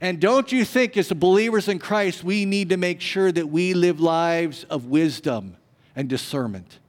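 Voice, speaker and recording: High-voiced male pastor in a reverberant hall. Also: measured pace. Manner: dramatic, swings from booming to hushed; humorous asides to the congregation. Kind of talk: sermon.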